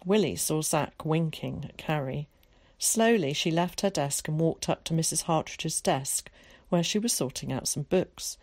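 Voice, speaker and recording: A woman narrates a children's storybook in a steady, measured reading voice that sits on the lower side. She shifts into character voices when people speak. The recording is close and dry, with no room sound. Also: no room sound. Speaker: audiobook narrator.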